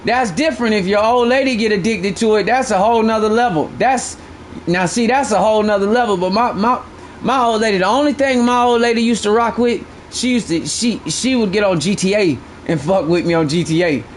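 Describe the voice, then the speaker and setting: A man talking casually on a live game stream, telling stories to his chat in a profane, animated way. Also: high-pitched, a little fast, a little hiss or hum.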